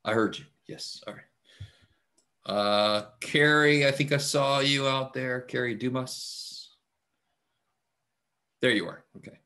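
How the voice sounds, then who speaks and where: Casual male math instructor on a video call, mid-pitched, easygoing and filler-heavy. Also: slow, long pauses. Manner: relaxed, chatty, many fillers. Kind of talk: casual online class talk. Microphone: computer mic on video call.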